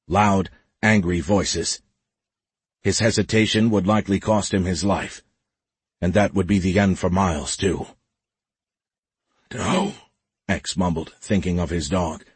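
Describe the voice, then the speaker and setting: A man narrating an audiobook in a steady, measured storytelling voice. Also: lowish voice, breathy edge, no echo. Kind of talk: scripted narration.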